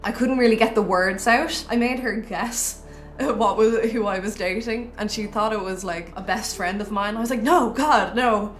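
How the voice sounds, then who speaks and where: A woman's voice: mid-range voice, steady tone, moderate pace, soft background music. A young woman with an Irish accent, telling her own story to camera in a candid, chatty way. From Ireland. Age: young adult. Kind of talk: personal testimony to camera.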